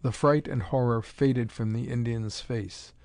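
A man narrating a pulp adventure story in a dramatic, measured reading. His voice sits at an ordinary middle pitch. The recording is close and dry, with no room sound. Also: fairly even intonation, vocal fry, darkish tone, no echo.

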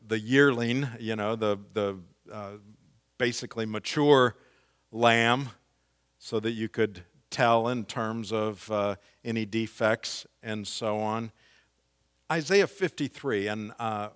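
A man preaching a sermon, explaining scripture slowly and reading passages with strong emphasis. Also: lowish voice, fairly bright tone. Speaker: pastor.

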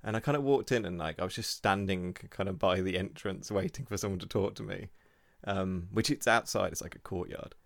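A young man co-hosting a podcast, chatting casually and telling an animated story, laughing often. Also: low voice, fairly quick, creaky, hardly any pauses, no room sound, studio quality. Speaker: podcast co-host. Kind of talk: casual chat.

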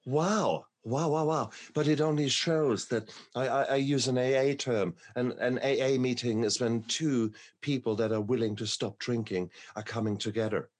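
A man's voice: medium pitch, moderate pace, hardly any pauses. Effusive, enthusiastic man host. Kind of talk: interview conversation.

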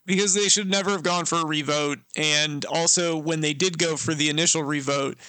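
A man's voice: on the high side, fairly even intonation, a little fast, bright, forceful tone, clear, resonant tone, dry recording. A male podcast co-host in casual chat, blunt and opinionated, saying 'like' often as he recaps a reality show.

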